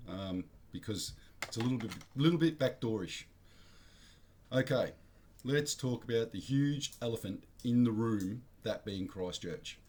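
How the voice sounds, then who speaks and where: A man's voice: lowish voice, a little mellow. An Australian man vlogging his blunt opinions in a rambling, slangy monologue, often correcting himself mid-sentence.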